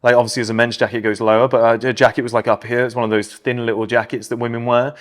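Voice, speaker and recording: A man with a neutral British accent, co-hosting a casual podcast and telling stories in a blunt, animated way full of "like" fillers. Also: mid-range voice, very fast. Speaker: podcast co-host.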